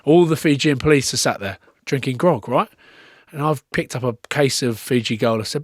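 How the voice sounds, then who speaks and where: A man's voice: medium pitch, moderate pace, no echo. Swearing storytelling man, dry room. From Scotland. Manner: lively storyteller who swears freely and acts out quotes. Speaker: podcast guest, former rugby player. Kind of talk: casual chat.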